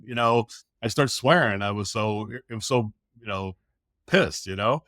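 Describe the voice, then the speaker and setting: In a podcast interview, a middle-aged sales coach from the U.S. tells an animated story, performing the dialogue and swearing casually. He speaks fairly quickly at a medium pitch, and the sound is clean studio quality without room sound.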